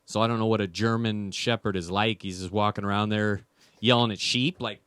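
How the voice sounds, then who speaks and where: Bright, crisp stand-up comedian man. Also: fairly low pitch, steady tone, brisk, dry recording. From United States. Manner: rambling, self-deprecating, with many fillers.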